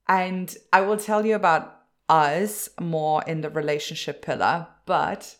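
A woman hosting a personal talk, telling a heartfelt story in an emotional, halting way with many restarts. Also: lowish voice. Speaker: host.

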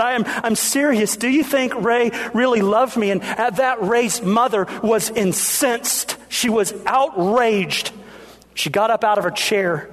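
High-voiced man preaching earnestly. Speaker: pastor. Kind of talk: sermon.

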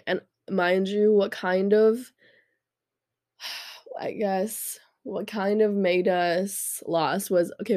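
Woman, young adult, podcast host, congested, casual storytelling, mellow tone, dry recording. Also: on the low side, no echo. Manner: chatty, laughs often, restarts sentences. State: congested, stuffy nose.

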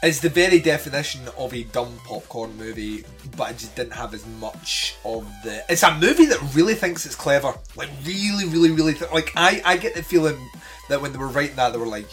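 Man, casual podcast co-host, animated, swearing, laughing, faint music underneath. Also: mid-range voice, fairly quick. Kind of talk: casual movie review chat.

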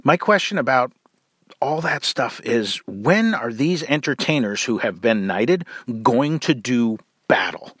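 A man hosting a casual Bible teaching podcast, chatty and jokey in his asides, then reading scripture aloud at a steady pace. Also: medium pitch, a little slow, slightly rough, no room sound, clean studio sound. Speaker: podcast host.

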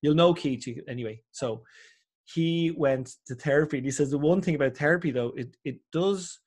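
A middle-aged Irish man chatting as a podcast guest, telling animated stories and acting out other people's voices. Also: a little high, normal speed. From Ireland. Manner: animated storyteller, acts out voices. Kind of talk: casual chat.

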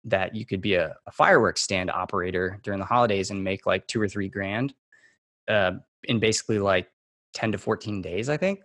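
Low-voiced man telling stories casually. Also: a little fast, dry recording. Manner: relaxed and rambling, with many fillers and restarts. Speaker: guest. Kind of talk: casual storytelling in a podcast interview.

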